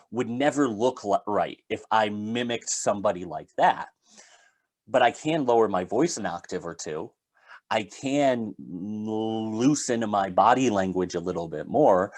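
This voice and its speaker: Man explaining sales rapport. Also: lowish voice. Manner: explaining step by step, conversational with fillers. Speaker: sales trainer. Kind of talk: solo talk.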